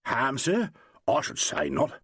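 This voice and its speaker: A narrator puts on a young New police sergeant in an audiobook, a man eager and admiring who gushes his story in lively, bouncing tones. The voice sits close and dry. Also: mid-range voice, slow pace, breathy edge, dry recording, heavily acted. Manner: chatty, admiring, slangy storytelling.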